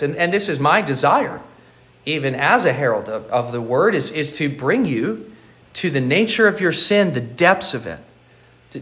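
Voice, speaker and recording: A man's voice: a little high, fairly bright tone. Earnest man preaching in an echoey hall. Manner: earnest preaching with frequent repeated words. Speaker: pastor. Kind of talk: sermon.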